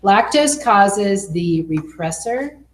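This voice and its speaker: A woman teaching a biology class, explaining slowly and checking in with her students as she goes. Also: medium pitch, expressive. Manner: slow, explanatory, checks in with okay. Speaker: biology instructor. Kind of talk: classroom lecture. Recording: echoey classroom with faint noise.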